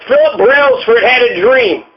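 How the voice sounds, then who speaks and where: Male host, very high pitch, furious profane rant, muffled lo-fi sound. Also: unhurried. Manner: furious, swearing, repetitive. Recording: muffled lo-fi audio.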